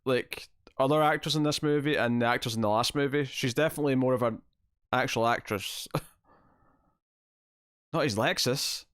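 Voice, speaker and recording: A man's voice: mid-range voice, fairly quick, fairly bright tone, clear, resonant tone, dry recording, clean studio sound. A man hosting a live stream and chatting casually, laughing and joking as he reacts to a movie he is watching. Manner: chatty, jokey, often laughing.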